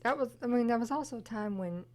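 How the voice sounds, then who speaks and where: A woman's voice: a little high, quick pace. A woman co-hosting a casual film review chat with her husband, dropping dry jokes into the talk. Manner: dry joking interjections. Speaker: co-host, host's wife.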